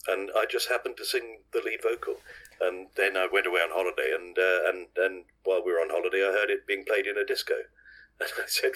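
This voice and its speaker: An older man from England chats as a podcast guest, telling long, rambling stories full of asides and self-corrections. His voice sits very low with a husky edge. He sounds bright and forceful despite the depth. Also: quick pace, low-quality recording. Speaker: podcast guest, actor and singer. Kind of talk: anecdotal interview chat.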